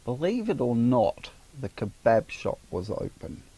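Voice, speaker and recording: A man's voice: mid-range voice, sing-song, a little slow, dark tone, breathy edge. A man, co-hosting a casual weekly chat and joking about himself. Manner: jokey, self-mocking, chatty. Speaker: co-host of a weekly online chat show.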